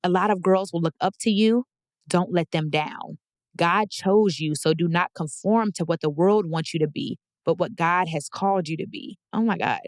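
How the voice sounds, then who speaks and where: A heartfelt podcast host from Texas, a woman in her twenties, reads personal letters aloud, tearful and on the edge of tears while speaking with affirmation. Her voice sits a little low and moves at a moderate pace. It's recorded close, with no room sound or echo.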